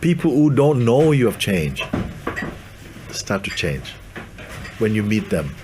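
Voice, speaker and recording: Gentle, low-voiced male spiritual teacher. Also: big pitch swings, takes it slowly, slight background noise. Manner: gentle, laughs often, playful. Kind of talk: spiritual talk to a gathering.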